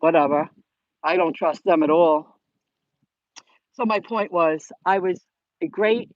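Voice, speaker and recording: A woman's voice: lowish voice, darkish tone, no room sound, lo-fi sound. A woman host, chatting to camera in a rambling, chatty way with many restarts. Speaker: channel host. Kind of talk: casual chat to camera.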